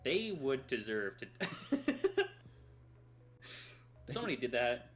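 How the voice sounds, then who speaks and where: Male podcast co-host, teasing, laughs often, lively pitch, faint music behind. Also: slow pace. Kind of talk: casual chat.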